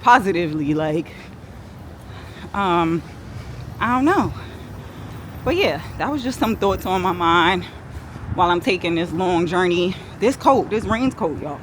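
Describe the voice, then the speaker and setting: A woman's voice: mid-range voice, poor audio. A woman, vlogging to a handheld camera on a cold, windy city street, talking bluntly and playfully in slang. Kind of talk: casual vlog monologue.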